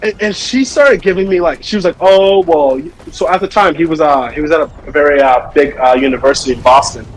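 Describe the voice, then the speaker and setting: A man's voice: fairly high pitch, fast, few pauses, a little hiss or hum. A young man streaming, telling a funny story in casual chat and laughing often. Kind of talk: casual storytelling while gaming.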